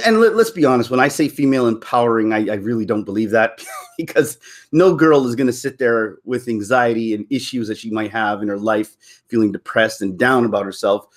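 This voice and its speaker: A man chatting on his live stream in a rambling, jokey way, laughing often. His pitch swings up and down freely, and he strays off topic. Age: middle-aged. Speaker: channel host. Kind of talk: casual live-stream chat.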